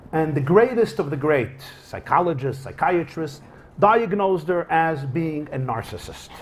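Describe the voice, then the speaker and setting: A male rabbi giving a storytelling lecture to a class, and his voice rises and falls a great deal as he acts out the dialogue. His voice sits somewhat high for a man. Faint background noise runs under the talk. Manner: animated, acts out quoted dialogue. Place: lecture hall with a live audience.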